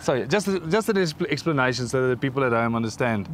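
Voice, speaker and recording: A man hosting a comedic interview show, teasing his guest with deadpan jokes. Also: medium pitch, fast, a loud crowd. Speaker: host.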